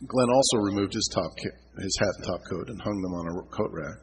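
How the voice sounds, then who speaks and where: A man's voice: low voice, brisk, hardly any pauses, a little hiss or hum, poor audio. A man reading aloud from his own novel at a convention, with small slips and restarts. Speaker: author reading his book.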